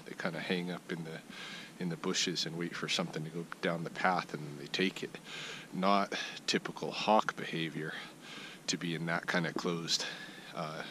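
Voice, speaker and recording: Easygoing man vlogging outdoors, lowish voice. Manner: easygoing, thinks aloud with many fillers and restarts. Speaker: vlogger giving a weekly update. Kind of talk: casual rambling outdoor vlog. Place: outdoors in his backyard brush. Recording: outdoor ambient noise behind the voice.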